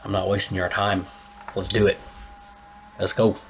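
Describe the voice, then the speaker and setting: A young man with a deep, low voice reacts casually to an anime, talking to his viewers in relaxed slang. He sounds a little stuffy this morning, and a faint hiss of noise sits under his voice. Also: moderate pace. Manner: laid-back slangy chatter, talks to viewers as bro. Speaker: anime reaction channel host.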